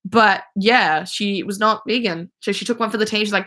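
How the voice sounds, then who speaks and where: Young woman livestream host, bright voice, excitable fan rambling. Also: medium pitch, fast talker. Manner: chatty, gushing, many fillers and restarts. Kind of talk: casual fan chat. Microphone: phone or webcam.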